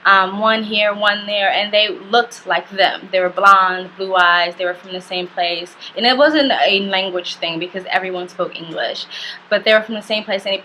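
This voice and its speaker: Bright-voiced woman telling a candid travel story. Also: medium pitch, a little hiss or hum, poor audio. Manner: candid and chatty, heavy use of "like"; blunt, swears casually. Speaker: travel vlogger. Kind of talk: casual storytelling to camera.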